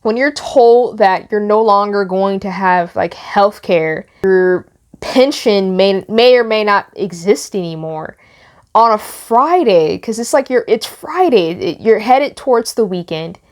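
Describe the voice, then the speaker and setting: A woman's voice: mid-range voice, lively intonation, measured pace, darkish tone. A young woman vlogger giving heartfelt, rambling commentary on the news. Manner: emotional, rambling with restarts. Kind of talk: casual commentary.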